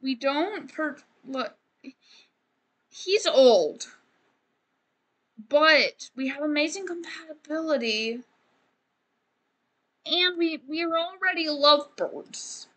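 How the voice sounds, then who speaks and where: A woman's voice: high voice, lively intonation, takes it slowly, pauses often, bright, forceful tone. A woman streamer giving casual gameplay commentary, rambling and joking as she talks to the game characters.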